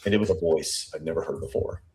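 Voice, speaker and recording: A man's voice: extremely low pitch, warm tone. A man hosting a true crime show, analyzing an interview statement line by line, thinking aloud and repeating phrases as he goes. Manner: thinking aloud, repeats and restarts phrases, pace shifting between slow and rushed. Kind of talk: statement analysis commentary, reading quotes aloud.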